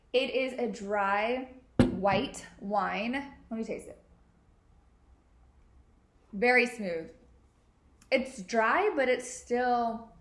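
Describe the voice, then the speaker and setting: A young woman in her twenties hosting a casual podcast from home, chatty and bubbly, swearing and laughing freely. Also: mid-range voice. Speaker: podcast host. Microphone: podcast mic. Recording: echoey room.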